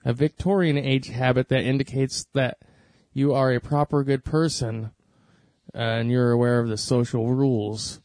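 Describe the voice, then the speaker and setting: A man's voice: mid-range voice, fairly even intonation, moderate pace, a little mellow, no echo. Easygoing man on a dry mic. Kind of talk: casual chat.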